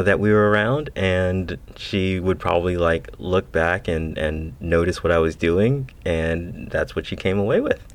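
A man co-hosting a podcast in casual chat, playful and self-mocking, sometimes dropping into a low growl for emphasis. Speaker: podcast co-host.

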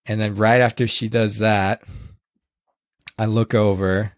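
A man's voice: fairly low pitch, flat delivery, dry recording, studio quality. Earnest man retelling a race. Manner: earnest, halting, full of restarts and quoted dialogue. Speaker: podcast host recounting a race. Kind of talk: casual storytelling chat.

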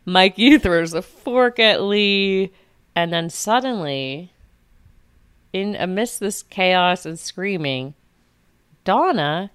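Slow, smooth low-voiced woman co-host. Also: dry recording. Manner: steady, narrating events in order. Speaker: podcast co-host. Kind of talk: casual chat, recapping.

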